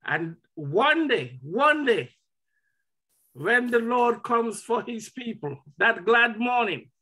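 A man's voice: very high-pitched, animated, slow pace, bright, forceful tone. A man speaking at a memorial service, stammering with emotion before rising into fervent preaching about heaven. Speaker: family member speaking at a memorial.

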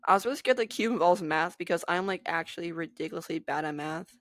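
A woman's voice: on the low side, quick pace, no room sound. A young woman giving casual, giggly commentary as she plays an online game, chatting to her viewers. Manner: giggly, bubbly, talks to viewers. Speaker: gaming video creator.

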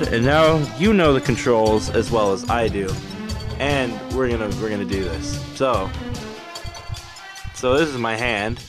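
Excitable young male game commentator. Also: medium pitch. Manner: excitable, jokey, swears and mutters at the game. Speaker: gamer host. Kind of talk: casual gameplay commentary.

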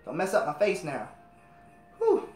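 A man's voice: sits high, wildly swooping pitch, a little slow, darkish tone, reverberant. A man hosting a music video reaction, gushing and playful as he comments. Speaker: host of a music reaction channel.

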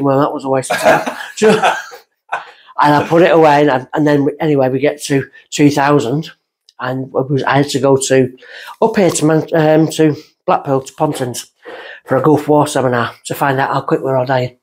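A woman, a guest on a podcast, telling a long personal story in a rambling way and going off on tangents. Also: husky. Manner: lively, jumps up in pitch when excited. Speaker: guest medium. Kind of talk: casual storytelling.

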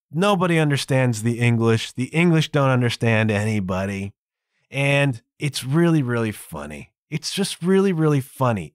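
A man's voice: mid-range voice, dry recording, clean studio sound. A man hosting his own podcast, giving casual solo commentary in an emphatic, wry, opinionated way with frequent asides. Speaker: podcast host.

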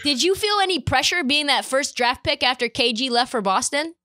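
A woman's voice: high-pitched, animated, a little fast, pushed and bright, no echo, clean studio sound. A woman hosting a podcast interview, chatty and playful as she teases her guest. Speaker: podcast host. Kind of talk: casual interview chat.

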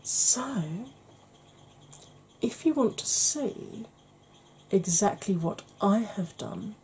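Woman, 40s, makeup vlog host; mellow tone, faint hiss behind, chatty and self-mocking. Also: medium pitch, drawn-out words. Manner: chatty, self-deprecating, animated. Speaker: beauty vlogger.

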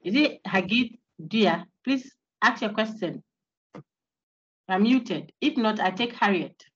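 A woman giving an animated philosophy lecture on a video call, asking her class rhetorical questions. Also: medium pitch, slow, slightly rough. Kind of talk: online university lecture. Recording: lo-fi online call audio.

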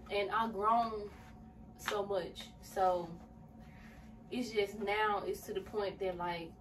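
Young woman vlogging casually from a distance. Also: medium pitch. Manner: rambling, filler-heavy, addresses viewers as y'all. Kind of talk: casual vlog talk. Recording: distant mic with faint background hiss.

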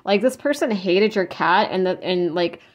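A woman's voice: on the low side, lively intonation, moderate pace, dull audio. A woman giving a casual psychic tarot reading, talking in a rambling, earnest way with many restarts and fillers, and openly moved as she speaks. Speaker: tarot reader.

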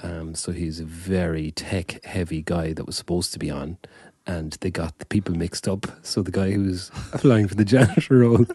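A man's voice: sits low, fairly even intonation, normal speed, few pauses, mellow, breathy edge, dry recording. A man co-hosting a podcast in casual chat, telling rambling stories and laughing often. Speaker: podcast co-host.

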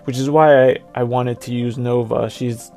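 A man presenting a software tutorial, talking through each step on screen in a plain explanatory way. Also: medium pitch, fairly even intonation, moderate pace, faint music behind. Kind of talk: screen-recorded software walkthrough.

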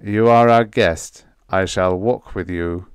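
A man reading aloud, voicing an impassive guardian robot with a flat, formal drone. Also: low voice, slow pace, clean tone, no room sound.

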